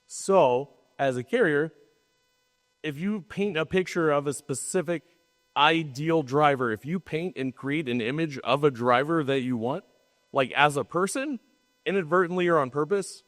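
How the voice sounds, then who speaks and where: A man co-hosting a casual panel talk at a trade show, quick and joking, with sarcastic asides. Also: a little high, a bit bright. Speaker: podcast co-host. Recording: long hall reverb.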